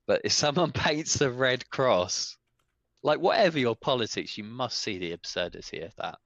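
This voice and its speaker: A man's voice: mid-range voice, lively intonation, normal speed, gravelly, a bit bright, no room sound. Ranting man, dull lo-fi sound. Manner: ranting, exasperated, swears. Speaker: podcast co-host. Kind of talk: casual chat.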